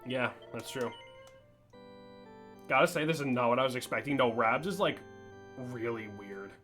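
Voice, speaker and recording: A streamer playing through a role-playing game with a friend, talking casually and swearing freely. Often breaks into laughter and reads the dialogue boxes aloud. Game music plays clearly underneath. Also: medium pitch, normal speed, a bit bright. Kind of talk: casual let's-play banter.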